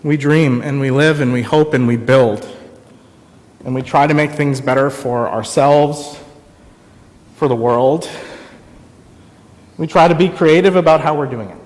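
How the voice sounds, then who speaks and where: A man's voice: medium pitch, a little mellow. Reflective man preaching in an echoey church. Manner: slow, reflective, pausing storytelling. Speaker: minister. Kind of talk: sermon. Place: church sanctuary. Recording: long reverb of a church sanctuary.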